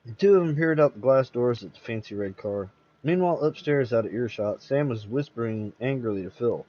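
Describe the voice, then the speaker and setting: A man hosting and reading a horror story aloud, steady with occasional slips and restarts. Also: mid-range voice, fairly quick, highs cut off. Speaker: host and storyteller.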